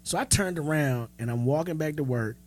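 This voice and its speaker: A man's voice: a little high, fairly quick. A man in his thirties co-hosting a podcast, telling stories in casual chat and acting out the dialogue he quotes, frank and profane. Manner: animated storyteller who acts out quoted dialogue. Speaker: podcast co-host.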